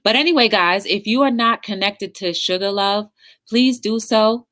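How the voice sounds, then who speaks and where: A woman's voice: medium pitch, moderate pace, a bit bright. A woman hosting a casual livestream talk show, chatting with viewers in the live chat and encouraging them.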